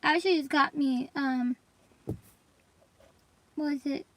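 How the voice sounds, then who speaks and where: A woman's voice: high-pitched, takes it slowly, poor audio. A young woman vlogging in casual, rambling chat to her viewers, coughing and congested from allergies. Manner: rambling, chatty, addresses viewers as y'all.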